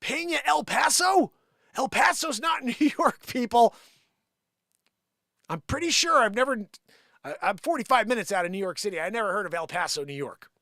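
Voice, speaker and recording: A man hosting a live comedy stream, reading an article aloud and cutting in with sarcastic, mocking jabs. His voice sits high and leaps all over the place. The sound is dry and close. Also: animated, normal speed, gravelly, pushed and bright, no echo.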